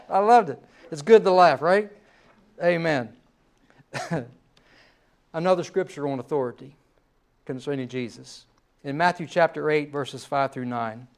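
A man's voice: on the high side, measured pace, long pauses. A male pastor preaching a sermon in a conversational way, often repeating phrases and checking in with "right?".

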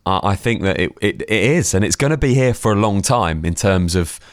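A man's voice: on the low side, lively intonation, fairly quick, no room sound, studio quality. A man co-hosting a radio chat, telling rambling, self-deprecating stories full of restarts. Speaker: radio co-host.

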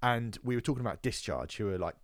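A man co-hosting a casual music podcast, talking in animated, sweary bursts with many restarts. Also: on the low side, quick pace, no echo, clean studio sound. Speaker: podcast co-host. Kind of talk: casual music review chat.

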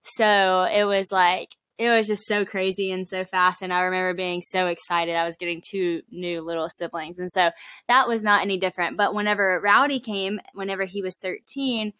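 A woman's voice: medium pitch, steady tone, moderate pace, pushed and bright, clean tone, no room sound. A young woman in her twenties, a podcast guest, talking in a chatty, earnest way with many fillers and quoted asides. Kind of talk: casual podcast conversation.

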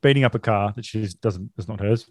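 A man hosting a podcast, chatting about a film in an animated, incredulous way and swearing freely. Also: on the low side, fast talker, no room sound, studio quality. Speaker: podcast host. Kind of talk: casual film-review chat.

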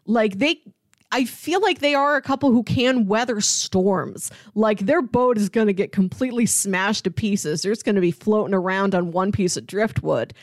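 A woman's voice: medium pitch, moderate pace, no echo, studio quality. A woman co-hosting a podcast, casually recapping a drama episode and animatedly acting out the characters' lines. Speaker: podcast co-host. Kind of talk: casual chat recapping a TV show.

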